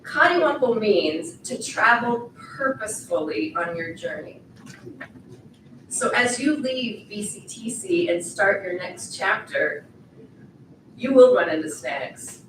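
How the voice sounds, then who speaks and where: A woman's voice: medium pitch, expressive, slow, a bit bright, recorded from a distance, a little hiss or hum. A middle-aged woman giving a ceremony speech, playful and encouraging, talking straight to the graduates. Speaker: commencement speaker. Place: large event hall. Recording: echoey hall, voice heard from afar.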